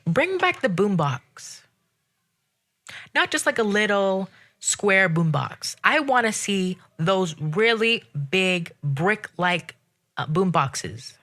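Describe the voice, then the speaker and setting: Sassy, bright-voiced woman ranting solo. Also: takes it slowly. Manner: animated, exasperated, sassy with sudden pitch jumps. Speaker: podcast host. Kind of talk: casual solo rant.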